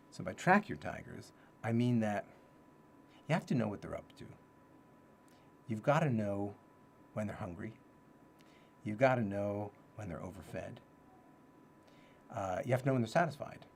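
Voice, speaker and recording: A man's voice: lowish voice, vocal fry, a little hiss or hum. A man hosting a casual livestream talk, thinking aloud and repeating his key phrases. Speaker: livestream host teaching self-development ideas.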